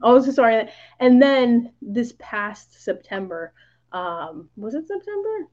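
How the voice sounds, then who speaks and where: A woman's voice: fairly high pitch, animated, slow pace, a little mellow. Woman podcast guest, casual storytelling, lots of "like", dull lo-fi sound. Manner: chatty, many "like" fillers, acts out quoted lines.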